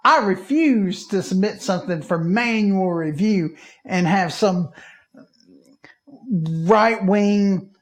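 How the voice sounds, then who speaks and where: A man from Alabama, co-hosting a podcast and telling a story in a lively way, acting out his own panicked reactions. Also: sits high, takes it slowly. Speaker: podcast co-host. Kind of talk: casual chat.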